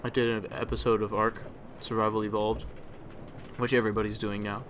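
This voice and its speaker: A man's voice: lowish voice, level tone, fairly quick, fairly bright tone, a little hiss or hum. A man hosting a let's play, chatting casually over his gameplay and rambling with many ums and uhs.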